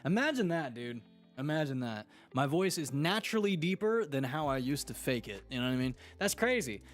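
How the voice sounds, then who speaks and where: A man's voice: a little high, sing-song, fairly quick, faint music behind. A young man hosting his own podcast, chatting casually in a rambling, slangy way that repeats itself. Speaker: podcast host. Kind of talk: casual chat.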